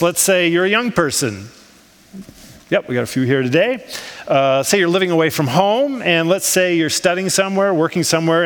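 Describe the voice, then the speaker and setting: With a fairly high, fairly bright voice, an American man preaches as pastor in the large hall of a church in Switzerland. He keeps a conversational tone, posing rhetorical questions and saying um often.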